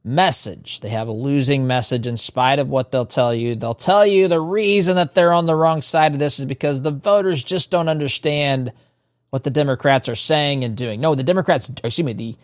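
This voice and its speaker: A man's voice: medium pitch, normal speed, no room sound, clean studio sound. A male radio talk show host delivering an emphatic political monologue, repeating phrases and speaking straight to his listeners. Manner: emphatic, repetitive addresses to listeners.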